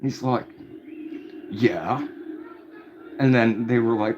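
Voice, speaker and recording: Slow-talking streamer man, dull noisy audio. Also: medium pitch. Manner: rambling, heavy swearing, storytelling. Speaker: livestream host. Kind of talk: casual chat to a live audience. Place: home room at night. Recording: dull audio with audible background noise.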